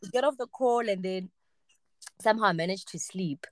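A woman's voice: medium pitch, moderate pace, dry recording, clean studio sound. A woman in her late twenties, hosting a podcast and telling a personal story in casual chat, acting out the voices she quotes. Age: 20s. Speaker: podcast host.

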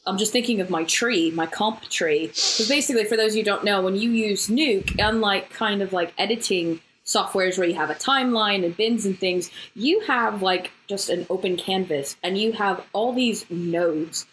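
A woman's voice: mid-range voice, moderate pace, hardly any pauses, a bit bright, a little hiss or hum, low-quality recording. A woman co-hosting a podcast, a former compositor, chatting casually with many "like" fillers and easy laughs. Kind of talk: casual chat.

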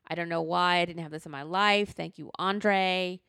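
Woman podcaster, lowish gravelly voice, smooth, dry sound, chatty and blunt. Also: normal speed, no echo. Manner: animated, frank, uses y'all and slang. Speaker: podcast co-host. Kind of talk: casual chat, recommending shows.

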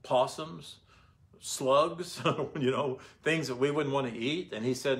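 A man's voice: medium pitch, takes it slowly. A man giving informal Bible teaching in a conversational way, often asking his listeners rhetorical questions.

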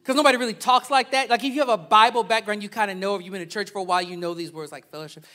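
High-voiced, bright animated male pastor. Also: very fast. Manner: animated, swinging from loud preaching to soft asides. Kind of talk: sermon.

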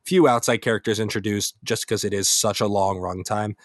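A man's voice: on the low side, fairly even intonation, brisk, dry recording, studio quality. A young man co-hosting a casual film podcast, rambling and correcting himself as he talks. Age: young adult. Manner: rambling, self-correcting, laughs easily. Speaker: podcast co-host. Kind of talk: casual film review chat.

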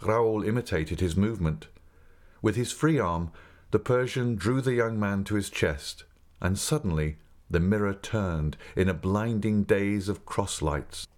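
A man narrating a novel as an audiobook in an even, measured reading. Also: fairly low pitch. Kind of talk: scripted narration.

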